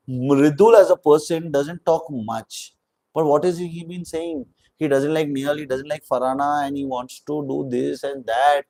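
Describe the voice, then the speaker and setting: This casual video features a man with an Indian English accent sharing chatty, opinionated takes on a reality show and dropping in Hindi words. He has a warm, medium-pitched voice, and the audio is poor.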